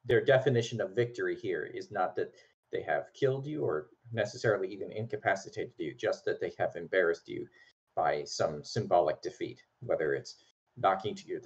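A man narrating a tabletop game as game master, relaxed and hesitant, with many pauses and filler words. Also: low-pitched, slightly rough, muffled recording.

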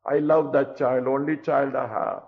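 A man voicing a weak-willed king who pleads and bargains with God to escape his vow, speaking lower and quieter than his preaching voice. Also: flat delivery, a little slow, natural voice. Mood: wheedling, pleading. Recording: dull lo-fi recording.

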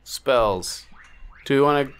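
A man chatting as a player at a tabletop game, animated and joking. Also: mid-range voice, takes it slowly, smooth. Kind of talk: casual tabletop game chat.

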